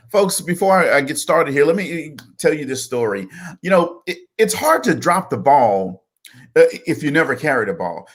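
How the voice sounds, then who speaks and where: A man, co-hosting and telling folksy motivational stories. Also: on the high side. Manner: folksy, animated storyteller. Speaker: co-host. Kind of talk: motivational storytelling.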